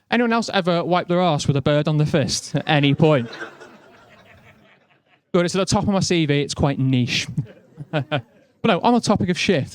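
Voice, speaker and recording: A man's voice: a little high, clean tone, no echo. A young man with a Liverpool accent doing a stand-up comedy set in a chatty, self-mocking way.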